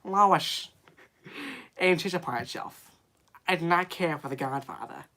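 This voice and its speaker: A man's voice: fairly high pitch, a little slow, gravelly, bright, forceful tone, exaggerated voice. A man doing a pompous Peter Griffin. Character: bumbling middle-aged cartoon dad, pompous.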